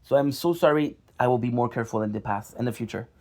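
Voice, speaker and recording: A young man talks straight to his viewers in a frustrated, apologetic vlog. His voice has a gravelly, fry-edged texture, and he swears and repeats himself as his annoyance builds. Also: medium pitch, fast talker, a little mellow. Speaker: gaming vlogger. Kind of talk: casual vlog talk to viewers.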